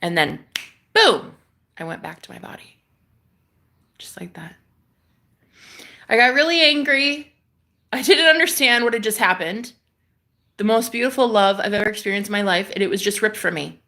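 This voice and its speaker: Gravelly-voiced woman telling an emotional story. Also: mid-range voice, lively intonation, moderate pace, long pauses, bright, forceful tone. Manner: emotional, intense retelling with frequent restarts and swearing. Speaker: vlogger. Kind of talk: personal spiritual story told to camera.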